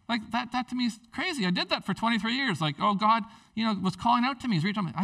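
Man preaching, animated, joking, fairly high voice, a bit off-mic. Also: racing, gravelly, hardly any pauses, recorded from a distance. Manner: animated, jokey, acts out characters in quotes. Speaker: pastor. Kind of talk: sermon.

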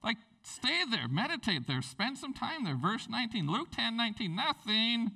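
A tired man preaching a sermon in an animated, rambling way, jumping up in pitch to stress his points. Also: normal speed, creaky, distant mic, poor audio. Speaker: pastor.

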